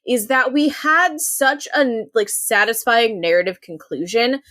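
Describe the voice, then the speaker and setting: A woman's voice: on the high side, unhurried, sharp tone, dry recording. Woman podcast cohost, lots of "like", swears a bit, dead dry mic. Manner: lots of filler words and affirming murmurs, occasional swearing. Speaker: podcast co-host. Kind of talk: casual chat recapping a TV episode.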